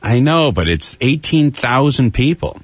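A man's voice: mid-range voice, big pitch swings, measured pace, slightly rough, no echo. A man hosting a radio talk show, chatting loosely and teasing his co-host, speaking into a studio microphone. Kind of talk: casual radio chat.

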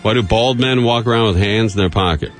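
A man hosting a call-in radio talk show, taking callers briskly and trading dry wisecracks. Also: fairly low pitch, soft background music. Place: radio studio. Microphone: studio microphone.

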